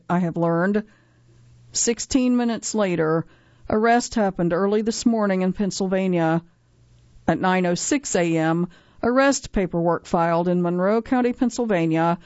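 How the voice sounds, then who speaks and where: A woman narrates a news feature from a script, in a measured, even reading. The recording is dry and a little dull. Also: mid-range voice, no echo.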